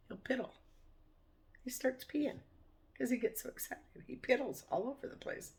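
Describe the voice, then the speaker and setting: A woman's voice: on the low side, sing-song, normal speed, creaky, long pauses. A woman vlogger chatting casually to camera over morning coffee, rambling and laughing often. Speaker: cooking vlogger.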